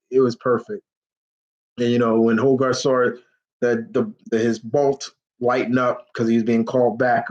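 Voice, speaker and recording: A man hosts a casual live Q&A stream at a middle pitch, rambling and circling back with fillers and restarts. He gets openly emotional and comes close to tears. The audio is dull and lo-fi. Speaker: host of a live Q&A.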